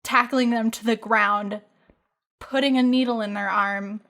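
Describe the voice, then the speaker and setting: A woman co-hosting a casual podcast chat, giggling as she pitches a silly game idea. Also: fairly even intonation, measured pace, fairly bright tone. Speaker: podcast co-host.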